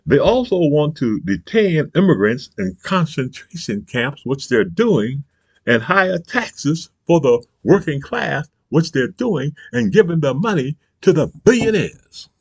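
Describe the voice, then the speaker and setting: A man's voice: a little high, very animated, measured pace, husky, no room sound. A man delivering an angry, profane political rant, emphatic and repetitive, constantly asking if the listener understands. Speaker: political commentator.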